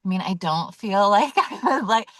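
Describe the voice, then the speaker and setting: A woman's voice: mid-range voice, lively intonation, normal speed, no room sound. A woman leading a weekly community call, talking casually and candidly with many fillers and acting out her own reactions. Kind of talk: casual teaching talk.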